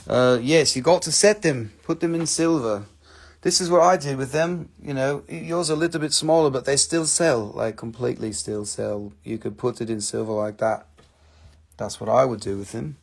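Gravelly-voiced chatty rock seller. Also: male voice, medium pitch, moderate pace. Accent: mid-Atlantic American. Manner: chatty, upbeat salesman patter, repeats words. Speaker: live stream rock and mineral seller. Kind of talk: casual live sales stream. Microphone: phone held in hand.

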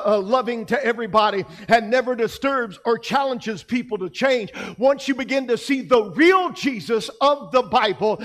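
A male pastor preaching a sermon, emphatic, his delivery swinging between soft passages and loud ones. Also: high voice, in a large hall. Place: church sanctuary.

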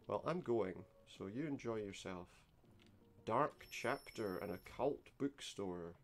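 A man's voice: on the low side, slow, slight background noise. A man giving gameplay commentary, reading game text aloud with dry, sarcastic asides. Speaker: let's play host.

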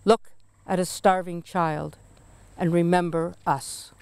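A mournful chorus of dead souls, chanting a slow, repetitive, accusing lament, as a woman reading her poem puts it on. The voice is very smooth and resonant, and it sits dry and close with no room around it. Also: fairly low pitch, steady tone, a little mellow, no echo. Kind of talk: poetry reading.

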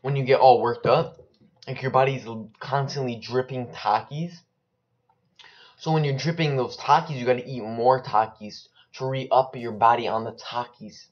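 This is a young man in the middle of casual gameplay commentary, wandering from one topic to the next in relaxed slang. His voice sits at an ordinary male pitch. It comes through a slightly muffled, lo-fi desk microphone. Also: moderate pace. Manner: rambling, joking, slangy, mumbles while typing. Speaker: gaming YouTuber. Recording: slightly dull lo-fi mic.

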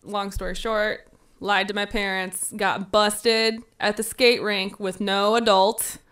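A woman podcast host telling a funny personal story in a casual, animated way, acting out her younger self's lines. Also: mid-range voice, slow.

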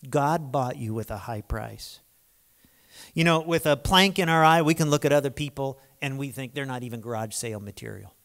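A man preaching a sermon as a lively storyteller, acting out dialogue with humorous asides. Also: medium pitch, moderate pace, gravelly. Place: large lecture hall. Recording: long hall reverb.

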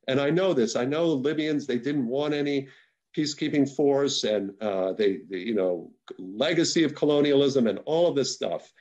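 Through dull audio comes a mid-range, darkish male voice. The speaker is a discussant at a policy webinar, making unscripted, earnest, emphatic remarks that stumble with restarts and repeated words.

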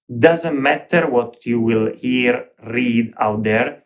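A young man, an English speaker, explaining menswear to camera in lively, emphatic short phrases. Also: mid-range voice, slow, gravelly. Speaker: menswear video host.

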